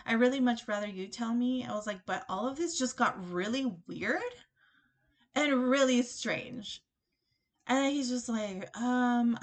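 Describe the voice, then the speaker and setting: A woman's voice: fairly high pitch, measured pace. A young woman hosting a podcast, casually telling a long personal story and acting out both sides of the conversations. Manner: animated, lots of "like" and quoted dialogue. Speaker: podcast host. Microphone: desk microphone.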